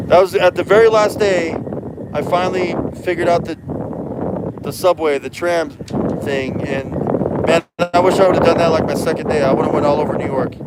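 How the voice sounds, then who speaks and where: A man with a slightly high voice chats on a livestream as a truck driver, rambling in slang and dropping in Spanish words. The audio is very noisy.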